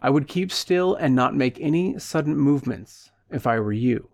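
A cold, calculating hired punisher, calm and firm, every word measured, as a male narrator plays him. The voice sits at an ordinary pitch, recorded dry and close. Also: no room sound, natural voice. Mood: cold menacing.

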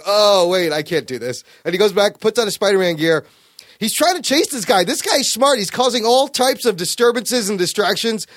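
High-voiced man animatedly retelling a comic. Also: no echo, clean studio sound. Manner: animated, profane storytelling with quick acted quotes. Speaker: podcast host. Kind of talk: casual comic book chat.

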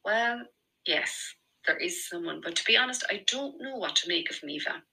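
A woman's voice: lowish voice, expressive, moderate pace, creaky, pushed and bright, heavily acted, rough recording. A woman doing a coy, bubbly Irish girlfriend. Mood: chatty.

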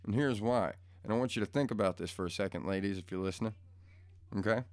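A man's voice: on the low side, fast talker, dry recording. Blunt, crude-talking man ranting. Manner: rambling, easily distracted, blunt and crude. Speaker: vlogger. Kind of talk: casual profane rant to camera. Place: home room.

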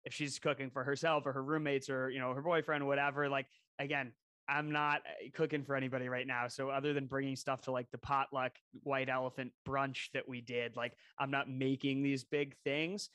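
Young male co-host, bright voice, dry close sound, animated storyteller. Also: a little fast, smooth, no echo. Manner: animated storyteller, mimics voices with big pitch jumps. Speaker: podcast co-host. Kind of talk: casual chat.

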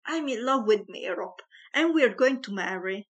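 A woman's voice: on the high side, lively intonation, moderate pace, slightly rough. A woman voicing a lovestruck young man of twenty in a read-aloud story, firm and a little haughty. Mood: earnest. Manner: firm, earnest.

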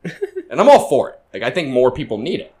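A man, a fitness trainer co-hosting a podcast, talking in a rambling, laid-back way that drifts quiet. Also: mid-range voice, big pitch swings, fast, roomy sound. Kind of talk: casual chat.

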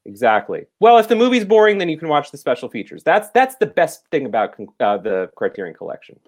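A man talking through a film review on a podcast, his voice a little high and swinging widely in pitch. He rambles, stops and restarts, and leans on fillers as he goes. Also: very animated, quick pace. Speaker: podcast co-host reviewing films. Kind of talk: casual podcast chat.

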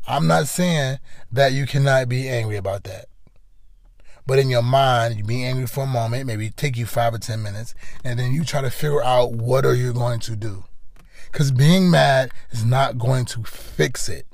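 A man with a rough, gravelly edge to his voice talks straight to the listener in a motivational monologue. He is earnest and conversational and circles back on his own phrases. The sound is close and dry, with no room around it. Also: medium pitch, moderate pace, darkish tone, no echo. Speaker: podcast host.

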